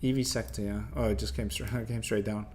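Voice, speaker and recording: A man's voice: lowish voice, steady tone, fast talker, darkish tone, slight background noise. A young man hosting a live stock trading stream, blunt and emphatic, quizzing and scolding his viewers as he reads the chat. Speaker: stock trading livestream host.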